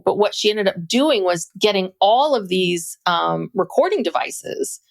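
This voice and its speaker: A woman's voice: mid-range voice, expressive, a little slow, creaky, few pauses. A woman co-hosting a podcast, discussing a documentary in a thoughtful, chatty way with hesitant fillers. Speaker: podcast co-host. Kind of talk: casual chat about a documentary.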